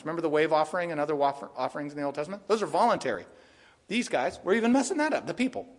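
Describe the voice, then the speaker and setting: A pastor in a church sanctuary gives an animated sermon. His voice sits fairly high, and he laughs as he plays out the people's protests and God's answers. A long hall reverb trails every phrase. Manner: animated preaching, laughing at the text, acting out voices of people and God.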